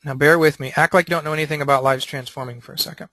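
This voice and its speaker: A man leads a Christian teaching session, animated and quick to act out what people might say. His voice is bright and a little high, and the sound is dry and close. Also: no room sound. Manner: animated, acts out quotes. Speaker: teacher leading a panel.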